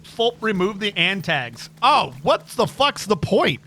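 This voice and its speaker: A man's voice: high voice, big pitch swings, a little slow, bright, forceful tone, slight background noise. A man streaming a game, ranting casually with heavy swearing and frequent stammered restarts. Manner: profane, stammering, heated ranting. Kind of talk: casual gaming livestream rant.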